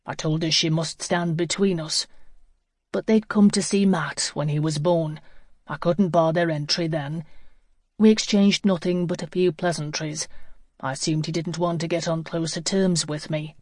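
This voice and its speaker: An audiobook narrator reading a first-person novel in a measured, reflective way. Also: medium pitch, steady tone, a little mellow, dry recording, clean studio sound.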